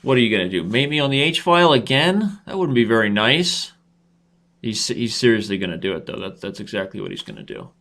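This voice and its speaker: A man's voice: on the low side, very animated, a little fast, vocal fry, a bit bright. A man in his thirties hosting a live chess stream, commentating his own games with playful trash talk and asides to viewers.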